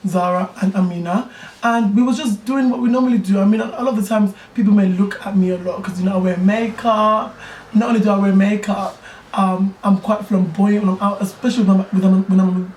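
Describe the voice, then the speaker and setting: A man's voice: sits high, recorded from a distance, a little hiss or hum. Chatty young man, echoey off-mic room. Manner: animated, chatty, keeps asking "do you know what I mean". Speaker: YouTuber telling a personal story. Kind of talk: casual storytelling chat.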